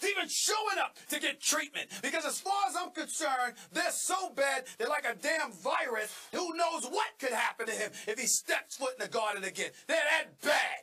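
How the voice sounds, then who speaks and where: A middle-aged man ranting loudly on a sports debate show, emphatic and repetitive, with frequent shouting. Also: very high voice, lively intonation, moderate pace, hardly any pauses. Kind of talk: loud sports rant.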